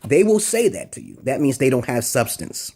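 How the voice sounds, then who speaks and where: Husky-voiced guy rambling blunt dating tips to camera, keeps saying okay. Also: medium pitch, very animated, normal speed, mellow. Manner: blunt, rambling and crude, with frequent "okay?" check-ins. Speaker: dating advice vlogger. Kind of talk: unscripted advice monologue.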